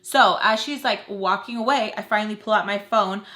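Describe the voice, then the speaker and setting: A young woman with a slightly high voice tells a story in casual vlog fashion. She talks emphatically and animatedly, leaning on lots of fillers and tossing in swear words. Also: normal speed, few pauses, a bit bright. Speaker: vlogger. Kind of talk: storytime chat.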